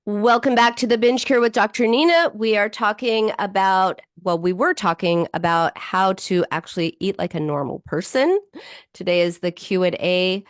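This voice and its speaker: A woman's voice: medium pitch, normal speed, no echo. Chatty woman radio host, dry studio sound. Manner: animated, chatty, with frequent fillers and restarts. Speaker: radio show host and psychologist. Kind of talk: advice talk radio, answering listener questions.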